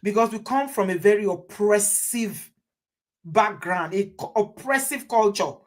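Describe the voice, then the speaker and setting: She hosts with a medium-pitched voice at a measured pace, pressing her advice on viewers emphatically and circling back to the same phrases to drive her points home.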